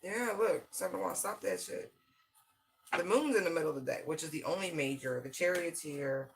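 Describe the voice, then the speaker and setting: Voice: mid-range voice, very animated, a little fast, noisy background. An intense, slangy tarot reader giving a livestream reading and talking straight to viewers. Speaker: tarot and channeled-message reader.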